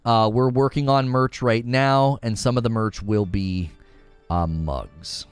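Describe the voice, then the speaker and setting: A man's voice: mid-range voice, steady tone, slow, smooth, soft background music. A man live-streaming, chatting casually and reading viewer comments as he rambles with frequent restarts. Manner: rambling, reads chat aloud, many restarts.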